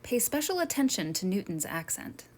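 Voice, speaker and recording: A woman's voice: mid-range voice, very animated, normal speed, heavy background noise. A woman museum educator, narrating a children's history lesson and asking her listeners friendly questions.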